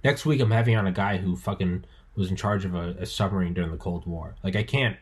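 Husky-voiced rambling podcast host man. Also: low voice, fast. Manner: rambling, excitable, profane, with many restarts. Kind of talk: casual podcast chat. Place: home, with dogs around.

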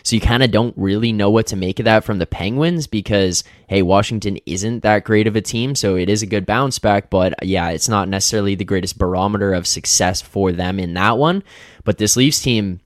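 A man's voice: lowish voice, brisk, dry recording, studio quality. A man co-hosting a sports betting show in a casual, conversational way, tossing questions to his co-hosts.

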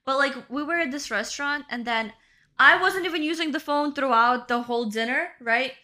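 Young woman, podcast co-host, high and bright, casual storyteller with a lot of "bro". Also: a little fast. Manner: storytelling, swears, says "bro" and "right?". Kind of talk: casual chat.

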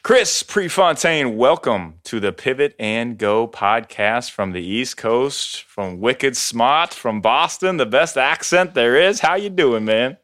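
A man's voice: medium pitch, lively intonation, a little slow, few pauses, fairly bright tone. A man hosting a podcast, talking in an upbeat, effusive way. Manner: enthusiastic, effusive. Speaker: podcast host.

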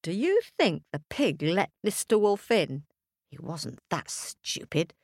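A woman telling a children's story, playful and animated, making sound effects. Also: medium pitch, measured pace, dry recording, studio quality.

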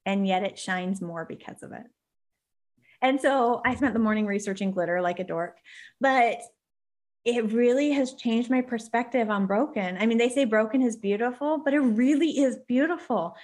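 A woman in her forties hosting a podcast, telling a personal story in a lively, often laughing way. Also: on the high side, normal speed. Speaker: podcast host. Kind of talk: casual podcast conversation.

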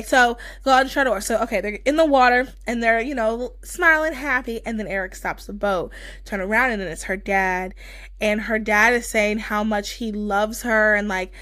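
A woman's voice: fairly high pitch, a bit bright, no echo. A young woman co-hosting a podcast, gushing in casual chat with lots of fillers. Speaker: podcast co-host.

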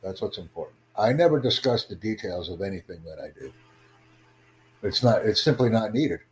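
A man calmly chatting on a live stream, smooth and promotional, unbothered by pushback. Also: fairly low pitch, normal speed, slight background noise, poor audio. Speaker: streamer recording a voice chat. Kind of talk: casual live-stream chat.

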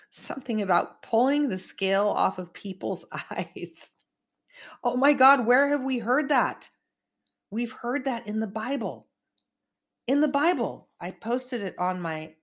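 A woman's voice: medium pitch, expressive, measured pace. A middle-aged woman from California hosting an online show, giving a rambling, emphatic commentary monologue full of asides. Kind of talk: casual political commentary monologue.

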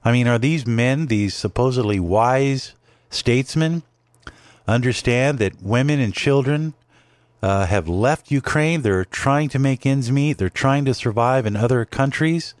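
Speaking a little slowly in a mid-range voice, this podcast host delivers a rambling, opinionated take on politics, casual in tone and full of fillers and restarts. The recording is dry.

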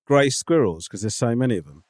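A man's voice: medium pitch, expressive, brisk, a little mellow, no room sound, clean studio sound. A man co-hosting a podcast, chatting casually, indignant and swearing freely. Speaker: podcast co-host. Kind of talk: casual chat.

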